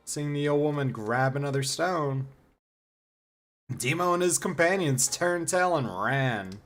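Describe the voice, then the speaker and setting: A man reading a novel aloud on a stream, expressive and slow. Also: fairly high pitch, soft background music. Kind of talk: dramatic reading with live reactions.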